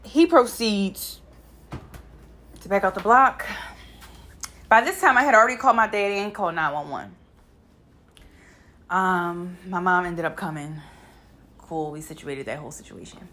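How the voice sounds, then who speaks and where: Blunt, animated woman telling a story. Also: fairly low pitch, moderate pace, pauses often. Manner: animated, blunt, swears freely, talks straight to viewers. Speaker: vlogger. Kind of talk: casual storytime monologue.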